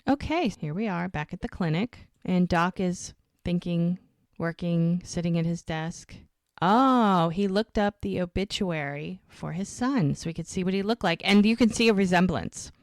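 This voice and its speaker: A woman co-hosting a podcast, retelling scenes in a casual, animated chat. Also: lowish voice, moderate pace, dry recording, clean studio sound. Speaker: podcast co-host. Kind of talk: casual rewatch recap chat.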